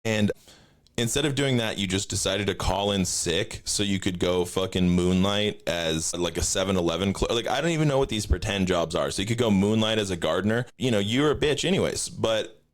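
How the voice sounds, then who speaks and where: A young man rants through a profane story on his podcast. His usual voice sits fairly low, but he keeps leaping up high to replay his own lines. The delivery is loose and animated, full of restarts and asides. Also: a little fast. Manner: profane, animated storytelling, jumps high when quoting himself. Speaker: podcast host. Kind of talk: casual rant.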